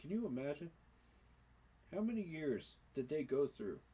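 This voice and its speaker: A man's voice: a little high, very animated, moderate pace, noisy background. A man giving an emotional, preacher-like fan monologue, repeating his phrases for emphasis. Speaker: sports fan commentator.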